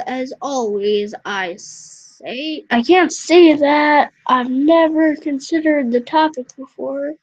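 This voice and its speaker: A woman's voice: high voice, no echo. A woman reading a visual novel aloud with self-mocking, chatty asides. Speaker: let's player. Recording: dull, lo-fi, dry.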